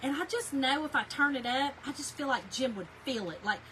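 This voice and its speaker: Chatty woman, bright voice. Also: sits high, expressive, fairly quick, slight background noise, rough recording. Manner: chatty, talks straight to viewers, reads out chat comments. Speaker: craft live stream host. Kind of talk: casual live-stream chat. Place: home craft room.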